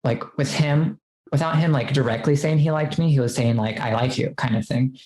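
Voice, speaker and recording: A woman's voice: rumbling low, moderate pace, mellow, echoey room, rough recording. A woman as a podcast guest, telling a personal story in casual chat, full of "like" fillers and quoting what she said. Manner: chatty, many "like" fillers, quotes herself.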